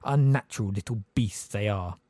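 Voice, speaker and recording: A man voicing an old male house elf, hoarse and deep, muttering bitterly under his breath in an audiobook. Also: moderate pace, dark tone, no room sound, clean studio sound, natural voice.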